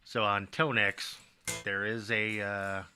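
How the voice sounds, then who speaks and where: A man chatting on a live stream about guitar gear, with quick joking asides. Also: on the low side, level tone, pushed and bright. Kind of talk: casual live-stream chat.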